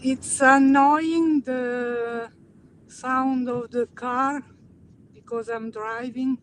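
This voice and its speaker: A woman's voice: sits high, fairly even intonation, very slow. A woman chatting on a call while driving, talking hesitantly with car noise behind. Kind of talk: casual chat on a call.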